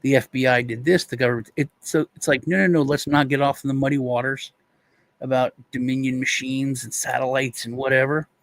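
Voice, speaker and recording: A man's voice: medium pitch, fairly even intonation, fairly quick, no echo. A male co-host rambling through a casual chat, retelling stories with restarts and quoted voices.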